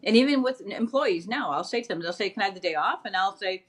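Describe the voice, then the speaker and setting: A woman's voice: quick pace, slight background noise. A middle-aged woman co-hosting a casual panel chat, talking things through and acting out quotes in a raised voice. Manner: animated, acts out quotes in a high voice. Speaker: co-host.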